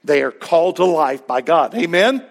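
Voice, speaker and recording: A male pastor preaching a sermon in a conversational, emphatic way, with sudden loud peaks. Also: fairly high pitch, expressive, moderate pace, vocal fry.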